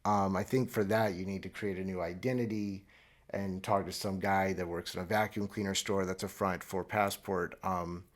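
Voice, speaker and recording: A man in his thirties from Florida, hosting a solo comedic podcast monologue in a sarcastic, deadpan, rambling way. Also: low-pitched, moderate pace. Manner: rambling with restarts, mock-earnest. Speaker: podcast host. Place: traveling abroad, recording alone.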